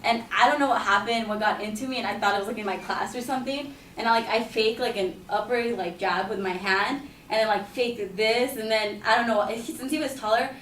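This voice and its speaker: A woman's voice: on the high side, fairly quick, hardly any pauses, fairly bright tone, slight background noise. A woman casually telling a personal anecdote, chatty and full of "like" and "you know". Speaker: storyteller. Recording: roomy echo, mic at a distance.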